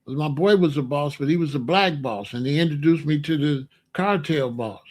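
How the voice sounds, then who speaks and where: A man's voice: fairly high pitch, normal speed. A man telling a street story in a repetitive, emphatic monologue. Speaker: podcast host.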